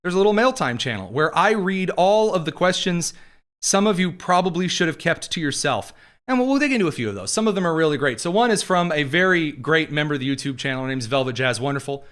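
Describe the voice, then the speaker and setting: A man hosting a podcast, giving quick, sarcastic, rambling political commentary full of fillers. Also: a little high, expressive, a bit bright. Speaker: podcast host.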